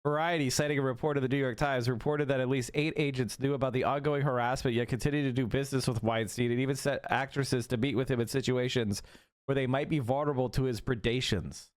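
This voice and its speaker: A man's voice: medium pitch, steady tone, fast talker, dry recording. A man on a live stream reading an article aloud to his chat, casual, with small slips and restarts.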